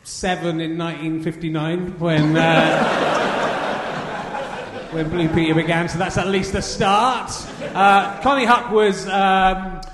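Middle-aged guy thinking out loud on stage, dry and wry, noisy echoey room. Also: high-pitched, fairly even intonation, slow pace. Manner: wry, rambling reasoning aloud. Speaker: comedy podcast guest. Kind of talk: live stage chat. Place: live theatre venue with audience. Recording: echoey hall, background noise.

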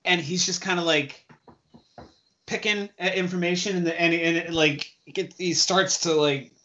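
A man's voice: sits high, fairly even intonation, normal speed, pushed and bright. A man playing a tabletop game, rambling and trailing off. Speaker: player. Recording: dull lo-fi recording.

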